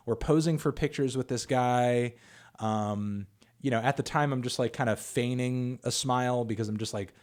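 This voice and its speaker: Music reviewer guy doing a livestream q&a, laid back and rambly, swears here and there. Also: mid-range voice. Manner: loose and conversational, with frequent fillers and casual swearing. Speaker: music critic answering viewer questions. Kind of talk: casual livestream Q&A.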